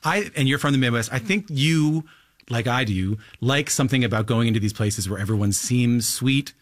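Friendly interviewer from Newfoundland. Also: male voice, medium pitch, normal speed, no room sound, studio quality. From Newfoundland, Canada. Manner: friendly, chatty questions. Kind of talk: interview conversation.

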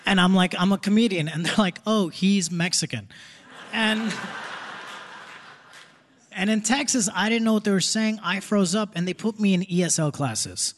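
A young man in his twenties performing a live stand-up set, with quick conversational punchlines. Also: high voice, a bit bright. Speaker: stand-up comedian. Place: theater stage with live audience. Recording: live audience laughter, faint crowd noise.

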